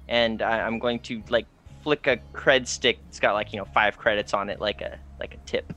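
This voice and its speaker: Bright-voiced rambling game player man. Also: fairly low pitch, steady tone, normal speed, few pauses, soft background music. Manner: rambling, self-interrupting. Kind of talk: casual tabletop play.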